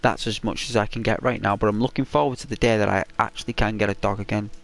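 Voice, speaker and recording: A man's voice: fairly low pitch, fairly even intonation, fast talker, gravelly, fairly bright tone. Rambling man telling a gaming-vlog story. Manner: rambling, chatty, many fillers and restarts. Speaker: gaming channel host. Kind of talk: semi-ASMR storytelling narration over gameplay.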